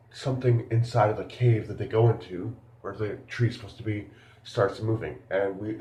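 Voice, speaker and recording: Casual male reviewer, lowish voice, rambling and incredulous, echoey room. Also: a little mellow. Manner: rambling, incredulous, many fillers. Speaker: film reviewer. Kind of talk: casual spoken film review.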